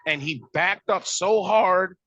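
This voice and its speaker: A man's voice: high voice, slow pace, pushed and bright, no echo. A man telling a family argument in casual, exasperated storytelling, acting out what was said. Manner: exasperated, retells arguments with quoted dialogue. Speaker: stepparent telling a family conflict. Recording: dull lo-fi dry recording.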